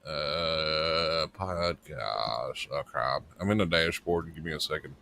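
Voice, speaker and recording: A man's voice: very deep voice, slow pace, gravelly, sharp tone, a little hiss or hum. A man co-hosting a live internet radio stream as its producer, rambling and joking with casual swearing. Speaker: producer and co-host.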